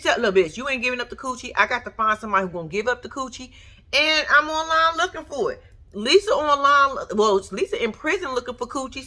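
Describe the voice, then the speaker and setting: A woman giving a blunt, profane, animated reaction commentary on a reality show, talking straight to her viewers. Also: on the high side.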